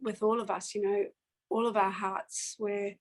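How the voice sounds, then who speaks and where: Woman guest, storyteller, even level delivery, earnest and reflective with pauses. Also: mid-range voice, rough recording. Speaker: singer-songwriter guest. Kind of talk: personal storytelling in a conversation.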